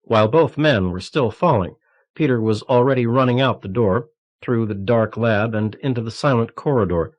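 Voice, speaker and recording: A man reading a thriller novel aloud in a steady, measured narration. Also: mid-range voice. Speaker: audiobook narrator. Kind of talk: scripted narration. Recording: cassette audiobook transfer.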